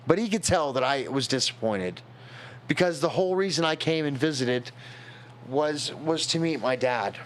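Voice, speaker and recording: A young man on a stream telling a personal story, tipsy, rambling and halting, growing emotional. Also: on the high side, animated, slight background noise.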